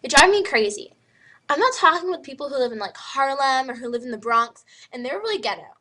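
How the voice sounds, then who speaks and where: A teenage girl ranting to camera in a vlog, emphatic and animated, with lots of "like" fillers. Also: sits high, brisk. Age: teens. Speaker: high school student vlogger.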